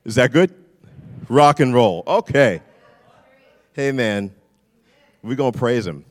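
A man's voice: medium pitch, lively intonation, slow pace. A man preaching a conversational sermon as a pastor, often repeating his questions. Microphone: handheld mic, swapped mid-sermon. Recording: long hall reverb.

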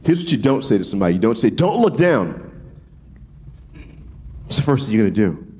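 A man preaching a casual sermon, animated and slangy, acting out voices as he goes. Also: on the low side, fairly quick, husky. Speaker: pastor.

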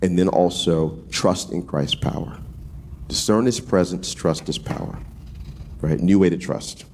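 A man preaching a casual sermon, animated and slangy, acting out voices as he goes. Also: deep voice, a little slow, a little hiss or hum. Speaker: pastor.

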